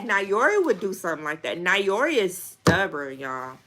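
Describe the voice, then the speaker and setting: A woman in her thirties, a mother and vlogger, reads viewer comments in a casual live chat, calling everyone y'all and laughing often. Her medium-pitched voice is sing-song, pushed, and bright, at a measured pace.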